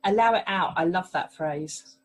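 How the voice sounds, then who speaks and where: Breathy low-voiced woman mediator. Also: normal speed, poor audio. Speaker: family mediator. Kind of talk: podcast interview.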